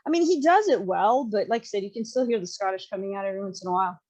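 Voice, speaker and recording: A woman's voice: medium pitch, lively intonation, very fast, darkish tone. A woman with a Southern American accent, hosting a podcast in casual, opinionated chat and laughing often. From Southern United States. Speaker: podcast host.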